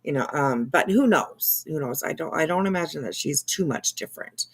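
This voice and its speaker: Low-voiced woman, mocking gossip. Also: expressive, moderate pace, slightly rough. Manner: mocking, drawls, often trails into soft whispers. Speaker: commentary channel host. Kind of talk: gossip commentary chat.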